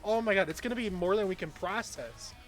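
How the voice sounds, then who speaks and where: A rambling, self-deprecating man chats as he streams a game. His voice sits a little high for a man, and soft music plays faintly behind him. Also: brisk. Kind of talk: casual chat while gaming.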